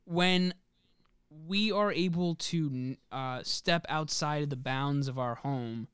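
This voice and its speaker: A man's voice: on the high side, takes it slowly, a bit bright, clean tone, dry recording, clean studio sound. A young man co-hosting a podcast, chatting casually and joking, swearing freely with lots of fillers. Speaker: podcast co-host. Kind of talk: casual chat.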